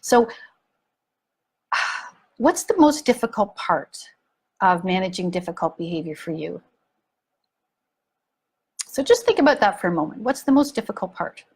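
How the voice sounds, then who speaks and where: Here the middle-aged host of a parenting talk, who works as a parenting coach and podcaster, chats casually with her audience. Her voice is husky, medium-pitched and sing-song, with a moderate pace and long pauses, and she stays frank and animated, repeating words for emphasis.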